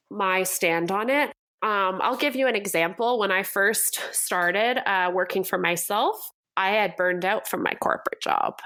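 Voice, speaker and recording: A young woman from Montreal speaks in a medium-pitched voice on a casual podcast. She gives advice in an earnest, coaching way and talks candidly. Her tone stays friendly and direct. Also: vocal fry, a bit bright. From Canada, Montreal. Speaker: guest copywriter.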